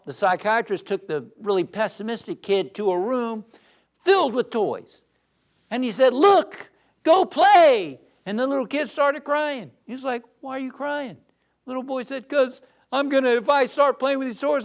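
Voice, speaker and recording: A man giving an uplifting sermon as a spiritual teacher, animated and shifting between loud emphasis and soft calm, who tells jokes. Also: fairly high pitch. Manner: tells jokes with acted voices.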